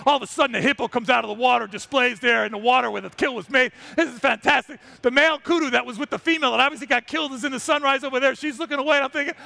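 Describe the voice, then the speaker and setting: A wildlife photographer giving an animated live storytelling talk on a trade-show stage, exclaiming dramatically. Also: male voice, very high voice, rapid-fire, creaky, few pauses.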